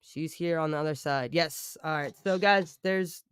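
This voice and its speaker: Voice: mid-range voice, moderate pace, a bit bright, clean tone, no room sound. A livestreamer chatting casually with viewers, rambling and thanking them often.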